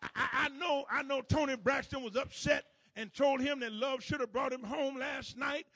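A man preaching a sermon to a congregation in a church, calling for responses and repeating phrases as he builds to shouts. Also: very high-pitched, moderate pace, dry recording.

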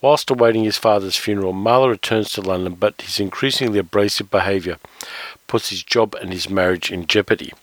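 A man hosting a casual film commentary. He speaks thoughtfully, with fillers and pauses as he reads from his notes. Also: on the low side, poor audio. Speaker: film reviewer host.

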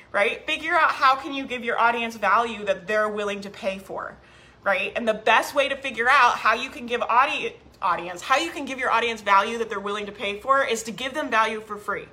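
A woman's voice: fairly high pitch, moderate pace, sharp tone. A woman coaching business owners on a live stream, upbeat and emphatic, repeating key phrases and reading viewer comments aloud.

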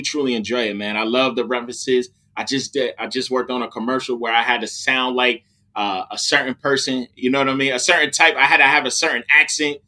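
A man, a rapper who works in music licensing, talking in an animated casual podcast conversation, often adding "you know what I'm saying". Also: mid-range voice.

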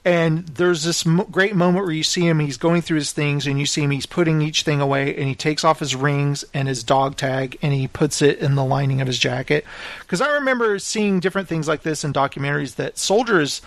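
A man with a slightly raised voice recounts a war film scene by scene in a relaxed podcast chat. He slips into the characters' lines as he goes, and the sound is close and dry with no room echo. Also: on the high side, fairly quick. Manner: animated retelling, acts out quoted lines. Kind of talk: casual film discussion.

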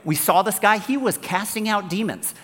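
A man's voice: high voice, animated, normal speed, fairly bright tone, big-room sound, voice pushed up. A man doing eager, boastful disciples.

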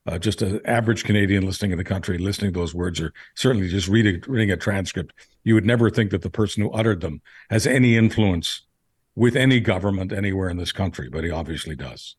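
A man giving blunt political commentary in casual podcast chat, measured with frequent fillers. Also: low voice, breathy edge, dry recording, clean studio sound.

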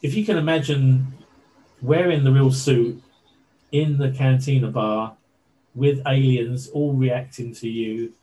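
A man being interviewed, telling a story in a casual, animated way with lots of fillers. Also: medium pitch, unhurried, poor audio. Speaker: interview guest.

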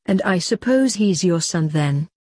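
A woman's voice: fairly low pitch, animated, a little slow, a little mellow, no echo, studio quality. A woman reading the part of a rude, curt male hospital orderly in a storybook tale. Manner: curt, sneering.

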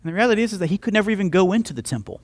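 A man's voice: high voice, big pitch swings, rapid-fire. A man pastor preaching a conversational sermon, telling a story and acting out both sides of the dialogue, often restarting with repeated words.

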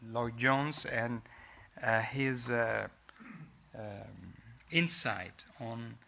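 A middle-aged Italian man gives a formal lecture in English, his accent clear throughout. He talks very slowly and deliberately, filling gaps with "uh" and restarting phrases. His voice has a gravelly texture with a bright, forceful edge. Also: medium pitch, a little hiss or hum. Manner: measured, with frequent fillers and restarts. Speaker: guest lecturer.

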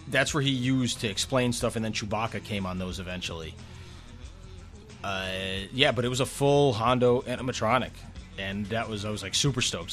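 A man with a fairly low voice tells a story on a podcast, chatty and loose. He rambles and restarts his sentences as he goes. Faint music sits under his talk. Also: a bit bright. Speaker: podcast co-host.

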